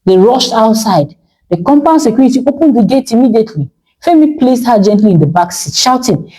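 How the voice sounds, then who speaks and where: A woman's voice: fairly high pitch, expressive, a little fast, dark tone, rough recording. Dramatic woman storyteller. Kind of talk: dramatic scripted narration.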